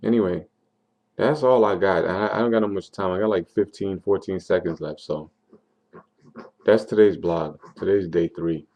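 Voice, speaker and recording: Angry young man vlogging on a dull lo-fi webcam, gravelly and husky, a frustrated rant full of swearing. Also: low-pitched, moderate pace. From United States. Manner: frustrated, swearing, repeats himself. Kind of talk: angry video diary rant.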